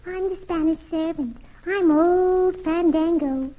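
A hissing aged old servant. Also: male voice, very high-pitched, slow, pitched above the performer's own voice. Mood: creaky. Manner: hissing, quavering. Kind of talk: 1940s radio comedy acting. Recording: muffled old radio recording.

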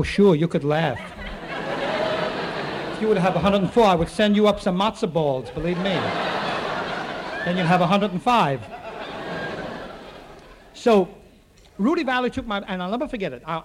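A man tells a rambling comic story to a live audience, packed with quick punchlines and asides to the crowd. His voice is on the high side, with slight background noise.

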